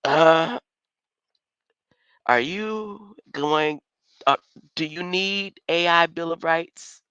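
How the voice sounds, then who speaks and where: A woman's voice: on the low side, very slow, a bit bright, clean tone, dry recording, lo-fi sound. A woman casually chatting with viewers on a livestream from inside her car, playful and laughing often. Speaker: livestream host. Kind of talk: rambling casual livestream chat.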